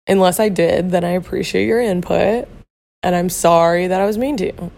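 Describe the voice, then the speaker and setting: A woman hosts a laid-back solo podcast in a hoarse, gravelly voice, rough from having lost it. Her pitch sits slightly low. She chats candidly, swears freely and leans on filler words. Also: normal speed, a little mellow. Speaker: podcast host. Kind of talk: casual solo podcast talk.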